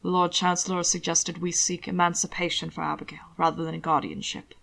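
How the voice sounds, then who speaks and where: A suave aristocratic lord speaks low and hushed, every word measured and unhurried, as a woman puts him on. The voice sits well below an ordinary woman's and stays quiet. It comes from a storybook-style audio reading. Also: little pitch movement, gravelly. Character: lordly older male aristocrat, suave and soft-spoken.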